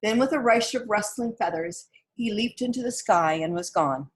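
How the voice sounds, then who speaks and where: In a gentle, expressive storytelling style, a woman reads a children's picture book aloud. Her pitch is medium and her pace moderate, as befits a storybook reader.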